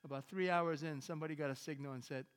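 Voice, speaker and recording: A man preaching a sermon as a pastor, telling a story in an animated way and acting out the dialogue with emphatic bursts. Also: on the high side, fast, in a large hall. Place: church sanctuary.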